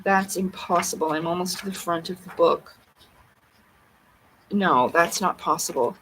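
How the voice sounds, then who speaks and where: A woman's voice: lowish voice, a little slow, fairly bright tone, a little hiss or hum, low-quality recording. A woman hosting a livestream, thinking aloud in a flustered, muttering way as she searches for something. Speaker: livestream host. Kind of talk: unscripted livestream talk to herself while searching a book.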